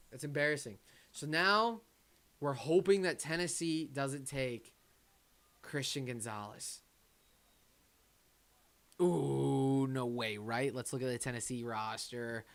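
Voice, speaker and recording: An excitable man hosts a casual live stream, reading comments from his viewers and reacting to them. His voice sits in a middle pitch. He jumps from loud outbursts to quiet grumbling asides. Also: vocal fry. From Detroit area. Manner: excitable, talks to chat and his pet, swings from loud to muttering. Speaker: streamer hosting a draft watch party.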